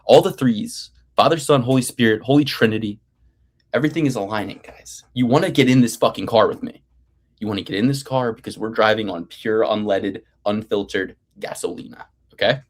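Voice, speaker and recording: A man in his thirties rambles through casual podcast banter with a fairly low voice. He swears freely and talks himself up in a playfully grandiose way as host of a betting picks show. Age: 30s.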